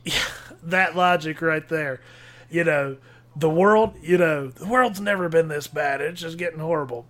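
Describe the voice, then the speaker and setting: Man, podcast co-host, bright tone, higher voice, casual chat, rambling, jokey. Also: normal speed.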